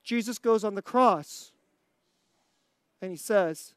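A preacher delivers a sermon at an unhurried pace, drawn out and deliberate. Rhetorical questions come one after another, with a laugh slipped in between points. The voice sounds close and dry, with no room around it. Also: medium pitch, fairly bright tone, dry recording.

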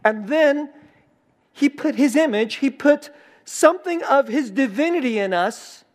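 A pastor preaching in a relaxed, conversational sermon style. The delivery is chatty and punctuated with frequent laughs. Key phrases get said twice to drive them home, and short quoted lines are acted out in a different voice. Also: high-pitched, a little slow. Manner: conversational, laughs often, repeats phrases for emphasis.

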